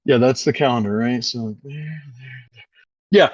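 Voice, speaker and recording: A man's voice: mid-range voice, normal speed, no echo, dull audio. A man co-hosting a podcast in casual chat, swearing often and talking with eager enthusiasm. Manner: profane, enthusiastic wrestling fan. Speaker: podcast co-host.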